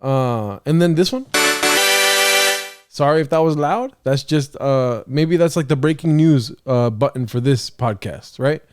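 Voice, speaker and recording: A man's voice: mid-range voice, expressive, unhurried, darkish tone, smooth, faint music behind. A young man hosting a casual solo podcast, rambling, joking at his own expense and laughing often. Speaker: podcast host.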